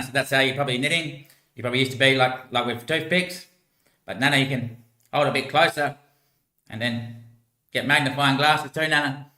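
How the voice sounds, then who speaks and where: A man's voice: medium pitch, pushed and bright, natural voice. A man voicing a young grandchild who patiently coaches their nana and keeps calling her "Nana". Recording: echoey room.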